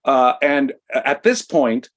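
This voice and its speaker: A man's voice: mid-range voice, big pitch swings, takes it slowly. A man from the United States co-hosting a talk show, giving impassioned political commentary and speaking with emphatic conviction. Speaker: co-host.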